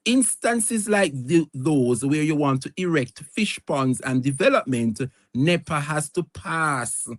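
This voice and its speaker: A Jamaican man hosting a political commentary show, speaking dramatically and addressing his listeners directly. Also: medium pitch. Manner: preachy, dramatic, addresses listeners as "my dear people". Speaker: show host.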